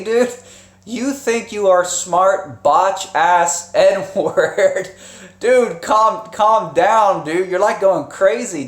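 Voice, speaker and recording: A man hosting a casual live stream, talking loosely with restarts, chuckles and swearing. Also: fairly high pitch. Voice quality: rambling, with frequent restarts and profanity. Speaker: live streamer and channel host. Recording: roomy echo.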